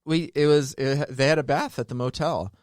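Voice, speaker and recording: A man's voice: on the high side, fairly even intonation, moderate pace, a little mellow, no room sound, clean studio sound. Laughing, rambling male podcast host. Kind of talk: casual comedic chat.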